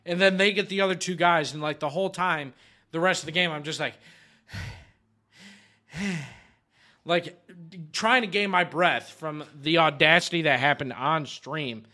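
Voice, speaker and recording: A young man in casual podcast chat, an animated storyteller who swears often and laughs mid-sentence. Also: on the high side, unhurried. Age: young adult. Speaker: podcast host.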